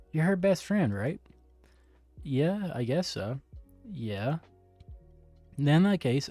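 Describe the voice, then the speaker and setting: A man's voice: fairly high pitch, a little mellow, no echo, voice pushed up. A man voicing a prickly teen girl, reading her lines in a huffy, bratty way. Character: prickly teen girl, snappish but shy.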